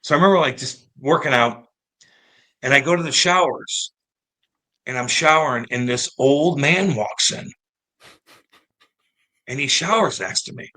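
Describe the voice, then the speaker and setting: A man in his thirties from St. Louis, a former pro hockey player telling stories in a casual, animated and profane interview. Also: medium pitch, measured pace, long pauses. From St. Louis, United States. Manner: animated, profane, acts out quoted voices.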